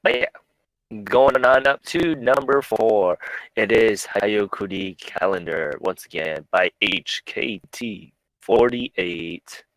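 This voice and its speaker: Low-voiced male host reading chart numbers. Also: slow pace, a bit bright, no room sound, rough recording. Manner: laughs often, reads out sales figures. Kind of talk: casual chat.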